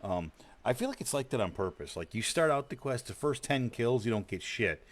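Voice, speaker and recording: A man's voice: medium pitch, animated, a little fast. A man streaming an online game, chatting casually with a teammate, stammering and repeating words and swearing offhand. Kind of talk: casual gaming chat.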